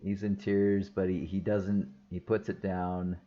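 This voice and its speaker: A man's voice: deep voice, level tone, measured pace, dull audio. A man talking casually through a film review, rambling and enthusiastic, with lots of fillers and laughs. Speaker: movie reviewer.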